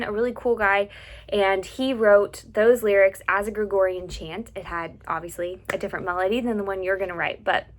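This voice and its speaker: A woman music teacher patiently explaining to students step by step, slowly singing out syllables and solfege notes as examples. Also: medium pitch. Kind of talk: instructional lesson to students.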